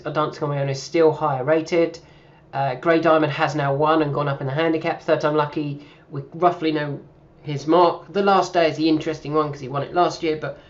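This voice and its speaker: A man talking through horse racing tips in a relaxed, chatty way, thinking aloud with plenty of ums and uhs. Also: on the high side, lo-fi sound. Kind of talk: casual racing analysis.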